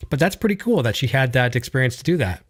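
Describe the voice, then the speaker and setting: A man's voice: mid-range voice, sing-song, fast talker. A Canadian man with a Canadian accent hosting an interview, eager and rambling with lots of fillers. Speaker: show host. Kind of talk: casual video interview.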